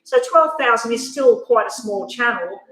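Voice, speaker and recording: Live-stream tarot host: woman, higher voice, candid and emotional chat, recorded in a roomy echo. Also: expressive, normal speed, a bit bright. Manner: addresses viewers directly. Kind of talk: casual live-stream chat and card reading. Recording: echoey room.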